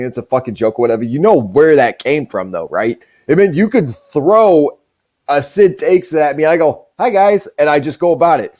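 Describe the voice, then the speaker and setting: A man's voice: on the high side, darkish tone. Profane, rambling male podcast host. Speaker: show host. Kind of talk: casual podcast chat.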